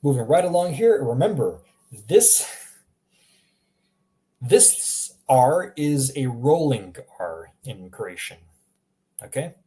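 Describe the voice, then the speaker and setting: A man hosts a casual language lesson, walking through letters at an unhurried pace. His voice is mellow and low-key, and he chats with his viewers and laughs easily as he goes. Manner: relaxed, chatty, laughs often, reacts to viewer examples. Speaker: language teacher.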